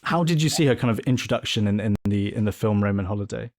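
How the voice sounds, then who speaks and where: A man's voice: fairly low pitch, fast, darkish tone. A man hosting a film podcast, speaking in a thoughtful, academic way during a conversational interview. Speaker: podcast host.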